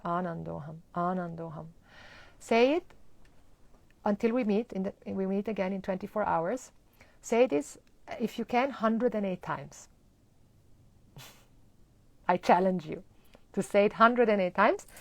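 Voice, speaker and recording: Woman teaching mantras with a gravelly edge. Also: mid-range voice, no echo. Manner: warm, animated explaining with laughs and chanting; acts out groggy morning complaints. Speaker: spiritual teacher. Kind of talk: live-streamed mantra lesson.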